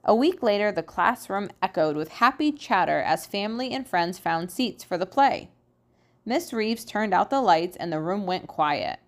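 A woman reading a children's storybook aloud in an expressive, sing-song way. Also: medium pitch, normal speed. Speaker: storybook reader. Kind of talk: children's read-aloud narration.

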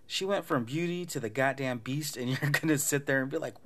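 A man's voice: medium pitch, moderate pace, hardly any pauses, a bit bright. A man hosting a casual podcast, retelling a movie plot in a loose, profane way and acting out the lines. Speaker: podcast host recapping a film.

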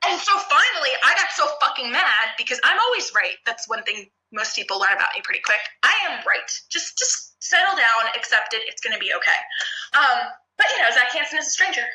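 A woman podcast guest telling a story casually, animated and laughing, swearing freely. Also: on the high side, fairly quick, rough recording.

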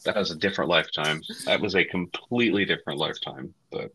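A man in his thirties, co-hosting a casual late-night podcast chat and acting out quotes with big jumps in pitch. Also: fast talker, pushed and bright, slightly rough, rough recording. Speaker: podcast co-host.

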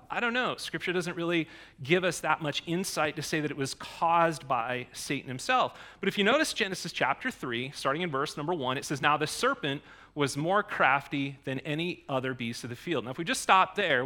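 Animated bright-voiced male preacher. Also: a little high. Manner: conversational, animated, self-interrupting with asides. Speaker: pastor. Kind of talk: sermon.

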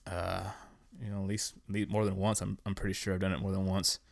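Male podcast host, 30s, lowish voice, profane casual rant, dry room. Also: flat delivery, quick pace, creaky, no room sound. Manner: profane, blunt, ranting. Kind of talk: casual solo ranting podcast.

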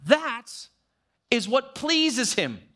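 A man with a notably high voice preaches with conviction, leaning hard on key words and drawing them out slowly. Now and then he drops lower to act out a short quoted prayer. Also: sing-song, sharp tone. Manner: emphatic preaching, slowing down to stress key phrases. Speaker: pastor. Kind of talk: sermon.

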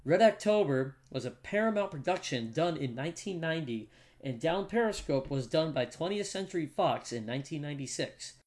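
A man's voice: a little high, expressive, brisk, darkish tone. Laughing, chatty young-sounding man. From United States. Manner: laughs often, talks in restarts with lots of "like". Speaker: podcast co-host reading movie facts. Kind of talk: casual chat.

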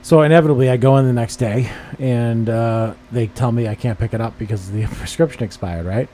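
A man's voice: mid-range voice, fairly quick, dark tone, a little hiss or hum. A man on a podcast telling a profane, exasperated story and acting out the dialogue. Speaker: podcast host. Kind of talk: casual chat. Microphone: studio microphone.

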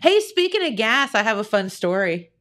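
A woman co-hosting a casual chat, telling an animated story and laughing often. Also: on the high side, moderate pace. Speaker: co-host.

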